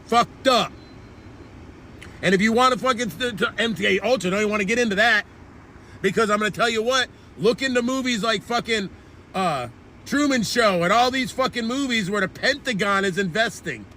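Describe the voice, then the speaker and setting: A man with a strikingly high, very bright and cutting voice delivers a furious, profanity-laced rant. He speaks as the host of his own commentary channel, heated and relentless. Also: moderate pace, a little hiss or hum. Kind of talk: angry political rant.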